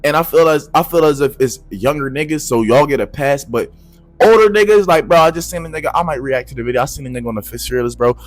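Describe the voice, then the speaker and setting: A young man giving a profane, slangy advice rant to camera, swinging between low mutters and loud shouts. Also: fast talker, dry recording, soft background music. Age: young adult. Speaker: vlogger.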